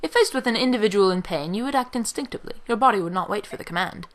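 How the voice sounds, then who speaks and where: A woman voicing a calm, serene male monk who speaks in a hushed, measured way. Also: medium pitch, lightly acted.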